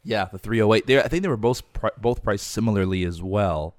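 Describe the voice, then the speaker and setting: Low-voiced man hosting a car podcast. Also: a little fast, dry recording, studio quality. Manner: chatty, rambling with fillers. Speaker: podcast host. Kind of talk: casual car chat.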